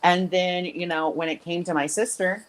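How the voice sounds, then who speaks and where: A woman's voice: on the low side, moderate pace, poor audio. A woman who works as a spiritual intuitive coach, telling stories in a casual interview and acting out the voices of the people she quotes. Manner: animated, acts out quoted voices.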